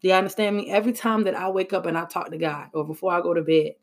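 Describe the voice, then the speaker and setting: A man's voice: high voice, racing. A man talking casually and emotionally to his viewers, reflective, with sighs, slang and restarts. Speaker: vlogger. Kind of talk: casual heartfelt monologue.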